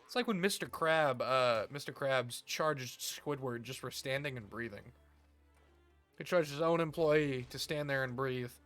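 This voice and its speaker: A man's voice: mid-range voice, a little slow, a bit bright, faint music behind. A man streaming a game, chatting casually with crude jokes and rambling asides. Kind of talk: casual gameplay commentary.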